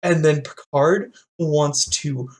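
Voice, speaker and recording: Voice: mid-range voice, slow pace. A podcast co-host rambling through a TV episode recap in casual chat, swearing and quoting characters.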